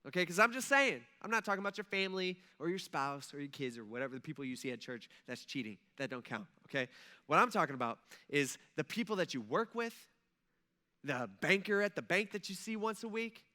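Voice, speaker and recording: Man, pastor, casual animated sermon, church, high voice, tense bright tone. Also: a little fast. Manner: animated, acts out quoted voices, frequent "okay?" and "right?". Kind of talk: conversational sermon. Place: church sanctuary.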